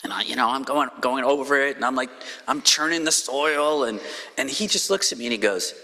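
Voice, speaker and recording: A man's voice: medium pitch, fairly quick, bright, forceful tone, long reverb tail. A male pastor preaching a conversational sermon in a church, telling the story with playful quoted voices. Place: church sanctuary.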